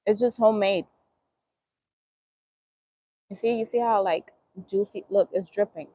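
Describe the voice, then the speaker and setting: A woman's voice: medium pitch, measured pace, warm tone. A woman with a Bronx New York accent chatting casually on a live stream while eating, answering viewers' comments and laughing easily. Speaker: vegan cooking channel host.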